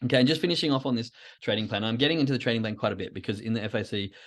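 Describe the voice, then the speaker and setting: A man's voice: mid-range voice, rapid-fire. Male solo podcaster, mid-range voice, loose reflective ramble. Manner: rambling, reflective, self-talk asides. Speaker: podcast host. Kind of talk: casual solo podcast monologue.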